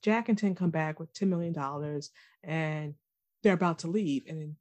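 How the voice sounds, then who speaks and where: A young adult woman co-hosting a podcast in casual chat, talking loosely with lots of fillers and quick laughs. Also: low voice, a little mellow. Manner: chatty, fillers like "like", laughs easily. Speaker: podcast co-host.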